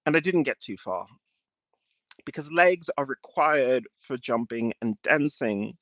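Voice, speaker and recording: On a livestream, a man answers chat with an emotional, rambling rant, swearing often. His voice is medium-pitched, animated, a bit bright, and measured in pace. The sound is dry, dull, and lo-fi.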